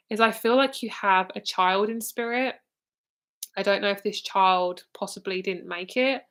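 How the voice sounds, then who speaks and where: A woman's voice: medium pitch, fairly even intonation, moderate pace, fairly bright tone. A woman in her twenties with a British accent, giving a live psychic reading in a casual, rambling way, with fillers, restarts and swearing. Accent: British English. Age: 20s. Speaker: psychic reader.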